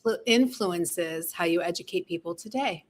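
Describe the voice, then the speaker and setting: A woman chatting casually on a call as a guest, affirming and asking questions. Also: fairly low pitch. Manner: affirming, quick interjections. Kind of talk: casual chat.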